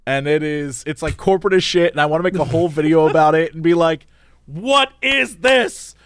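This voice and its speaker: A man co-hosting a casual podcast chat, animated and playful, mimicking others in quoted voices. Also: fairly high pitch, fast, smooth. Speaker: podcast co-host.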